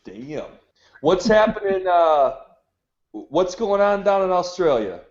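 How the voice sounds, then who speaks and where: A man's voice: high-pitched, sing-song, takes it slowly, a little mellow. A man with a Chicago accent hosting a podcast in a loose, joking, casual manner. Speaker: podcast host. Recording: dull lo-fi sound.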